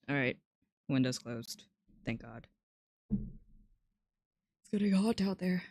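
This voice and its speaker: Low-voiced woman streamer, faint music. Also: lively intonation, drawn-out words, pauses often, a little mellow, dry recording, clean studio sound. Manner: giggly, playful, reads lines in put-on voices. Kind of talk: casual chat, voicing game characters. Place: room at home.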